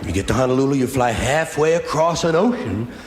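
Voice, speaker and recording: A man's voice: mid-range voice, lively intonation, brisk. A man doing observational stand-up comedy, riffing in repetitive, building phrases. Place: stage in a hall. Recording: echoey hall with clear ambient noise.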